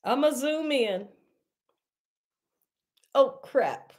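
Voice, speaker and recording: A woman telling a story to her viewers on a casual livestream, animated and exclamatory, calling them y'all. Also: sits high, unhurried. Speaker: cooking channel host.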